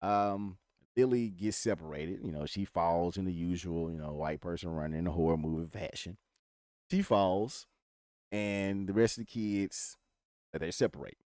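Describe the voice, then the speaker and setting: A man recaps a show in a relaxed, slangy, profanity-laced ramble. His voice sits on the low side and sounds close and dry, with no room echo. He talks like he's catching up friends on what happened. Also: normal speed. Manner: slangy, laid-back. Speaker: TV show reviewer. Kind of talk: casual spoiler recap.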